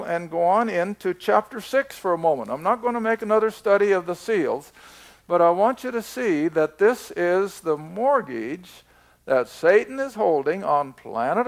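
An older man teaching a Bible study in a slow, emphatic way, drawing out his words. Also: high-pitched, gravelly.

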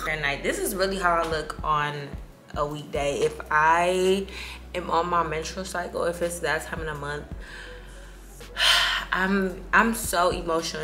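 A woman's voice: deep voice, pushed and bright. A young woman vlogging casually to camera, candid and chatty, laughing between lines and talking about feeling emotional and tired. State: emotional, on her period, tired. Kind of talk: casual vlog chat to camera.

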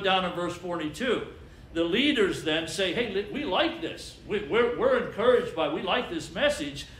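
A man's voice: high-pitched, bright, forceful tone, slight background noise. A man preaching a sermon as pastor, emphatic and asking the congregation to call out answers. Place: church sanctuary. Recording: echoey church with faint ambience.

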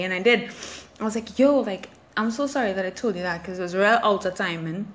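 A woman's voice: mid-range voice, a bit bright. A woman hosting a solo podcast, talking candidly and reflectively about friendship and laughing at herself. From Trinidad and Tobago. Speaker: podcast host. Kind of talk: casual solo podcast monologue.

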